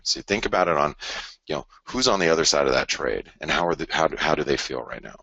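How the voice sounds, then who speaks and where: Guy with a super deep bright voice riffing on forex charts, dry close mic, keeps repeating himself. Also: fast talker, no room sound, lo-fi sound. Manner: rambling, repeats himself, mock-quotes traders. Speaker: market commentator. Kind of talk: live trading broadcast.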